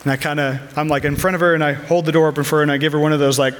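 A man's voice: fairly high pitch, little pitch movement, very fast. A man in his thirties preaching a sermon as a pastor, earnest and conversational, weaving personal stories into his message.

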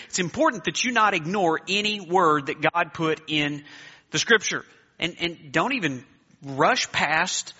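A bright, high-pitched male preacher delivering a sermon with lively swings in his voice. He talks emphatically, pausing for weight and calling on the congregation to say it back. The sound is dull and lo-fi, ringing in a long church reverb. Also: slightly rough. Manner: emphatic, dramatic pauses, urging the congregation to respond aloud. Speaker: pastor. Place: church sanctuary. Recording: echoey hall, dull lo-fi sound.

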